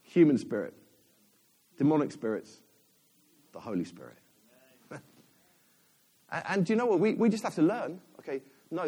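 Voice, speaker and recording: Guy preaching, middle-aged, kinda high voice that jumps all over, chatty and loose. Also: moderate pace, long pauses, slightly rough. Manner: animated, chatty, self-interrupting with laughs. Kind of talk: sermon.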